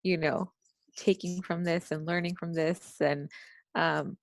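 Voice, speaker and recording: A woman in a group workshop sharing her feelings softly and tentatively over a video call. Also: lowish voice, steady tone, a little slow, gravelly, dry recording. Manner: soft, tentative, laughs it off. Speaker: workshop participant.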